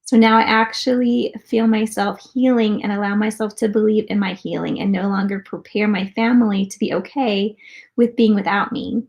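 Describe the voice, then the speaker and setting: A woman's voice: mid-range voice, steady tone, moderate pace, vocal fry, darkish tone. A woman co-hosting a casual faith talk show, reading a viewer's comment aloud in an affirming manner. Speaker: co-host.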